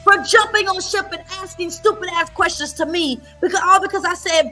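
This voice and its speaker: A woman's voice: very high-pitched, fairly quick, pushed and bright, soft background music. A woman hosting a livestream, talking in a blunt, profane, repetitive rant. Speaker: livestream host.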